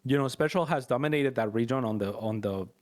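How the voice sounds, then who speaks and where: A man's voice: medium pitch, fairly quick, a little mellow. Dry, teasing male co-caster. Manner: dry teasing banter, analytical. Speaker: esports co-caster. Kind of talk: live game commentary.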